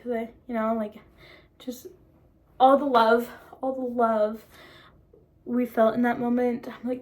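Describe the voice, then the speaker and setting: A young woman vlogging casually, excited and disbelieving, rambling with many fillers as she tells her story. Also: on the high side, a little slow.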